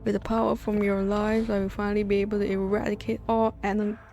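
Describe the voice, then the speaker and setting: A woman's voice: medium pitch, flat delivery, quick pace, mellow, soft background music, close to an everyday voice. A woman voicing a cruel male villain lord in a game, menacing and gloating.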